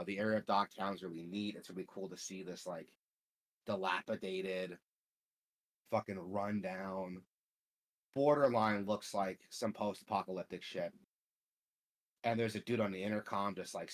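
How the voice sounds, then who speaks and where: A young man hosting a casual gaming podcast, rambling with lots of fillers and swearing. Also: fairly low pitch. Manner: rambling, profane, filler-heavy. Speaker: podcast host.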